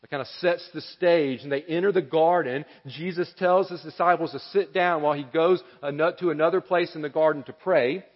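Earnest male pastor, high voice, sermon in a reverberant sanctuary. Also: fairly quick, few pauses. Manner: earnest, repeats key phrases for emphasis. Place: church sanctuary. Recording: echoey church hall, dull lo-fi.

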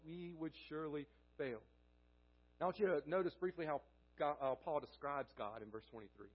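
A man with a high voice preaches an earnest sermon in a church sanctuary. He circles back to key phrases and asks the congregation questions before answering them himself. The recording is dull and lo-fi. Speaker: pastor.

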